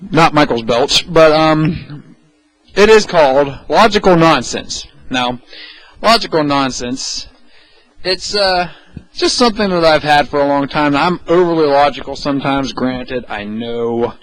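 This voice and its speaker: A man's voice: fairly high pitch, animated, unhurried, a bit bright, dry recording, poor audio. A man co-hosting a podcast, introducing his own segment in a wry, self-deprecating, rambling way. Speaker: podcast co-host presenting a segment. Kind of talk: casual podcast talk.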